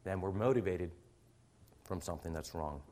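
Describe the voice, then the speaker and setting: A middle-aged male teacher delivers a conversational lecture to fellow teachers, acting out small classroom scenes as he goes. His low-pitched voice is warm and moves at a moderate pace.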